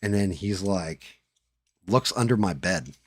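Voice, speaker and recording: Speaking slowly in a deep voice, this live streamer paints at his hobby desk and chats through a headset. His talk is casual and profane, with muttering to himself as he works, and there's no room sound.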